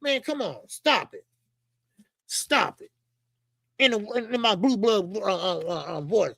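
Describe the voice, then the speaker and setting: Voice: mid-range voice, lively intonation, slow pace, creaky, pauses often, fairly bright tone, husky, dry recording. A boxing channel host giving blunt, profane opinions straight to viewers, often repeating lines for emphasis.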